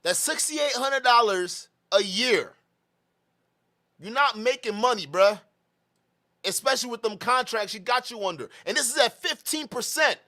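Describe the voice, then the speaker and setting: A man's voice: extremely high pitch, animated, moderate pace, sharp tone. A man in his twenties doing mocking reaction commentary, laughing often. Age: 20s.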